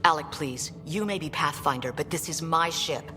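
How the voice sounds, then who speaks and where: An actress playing a tense, firm starship captain speaking with urgency. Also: female voice, low voice, normal speed, pushed and bright, faint music behind. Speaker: ship captain.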